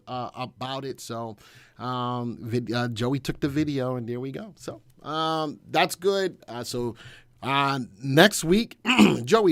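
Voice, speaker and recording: Chatty and relaxed, this man is a senior instructor hosting a live stream, where he reads out viewer comments and speaks to an off-camera helper. His voice is mid-range, with no room sound.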